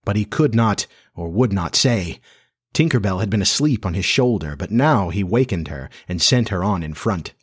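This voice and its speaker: A man reading a storybook aloud as narrator, with measured, even storytelling. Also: low-pitched, slightly rough. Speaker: audiobook narrator.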